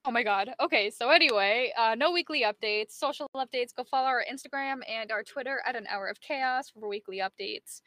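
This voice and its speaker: A young British woman hosting a casual podcast, rambling and giggly with lots of ums, her voice going a bit hoarse. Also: a little high, fairly quick, hardly any pauses, fairly bright tone, dry recording. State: losing her voice. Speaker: podcast host. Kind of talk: casual chat, reading notes.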